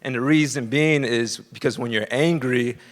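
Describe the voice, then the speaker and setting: A man from Florida telling a true personal story on a theater stage, nervous and halting with many fillers. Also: mid-range voice. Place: theater stage before a live audience.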